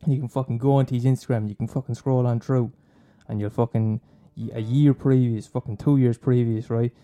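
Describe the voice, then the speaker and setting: Young guy ranting and swearing nonstop, mocking, low mellow voice, quiet guitar behind. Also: steady tone, brisk. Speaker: comedian. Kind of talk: profane comic rant.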